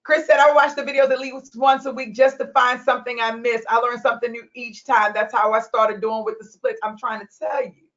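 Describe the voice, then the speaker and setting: A woman's voice: fairly high pitch, steady tone, fairly quick, a bit bright, lo-fi sound. A woman coaching recruitment business owners, talking passionately and emotionally on a recorded call. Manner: passionate, preachy, laughs and tears up. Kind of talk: emotional motivational call replay.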